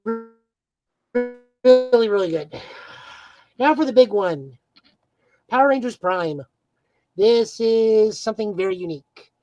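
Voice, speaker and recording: A woman's voice: on the high side, takes it slowly, long pauses, dark tone, muffled recording, soft background music. A woman co-hosting a podcast, eagerly recapping comic book plots in a casual chat with frequent "uh"s. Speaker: podcast co-host.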